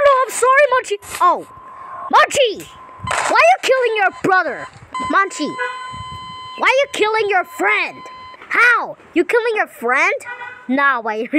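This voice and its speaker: A woman giving playful gameplay commentary, excitable and repetitive, talking to the characters on screen. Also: extremely high pitch, background noise. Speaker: gameplay channel host.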